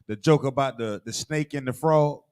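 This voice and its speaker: A man in a class telling a fable, halting and often repeating himself. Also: medium pitch, a little mellow, clean tone. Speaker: class member.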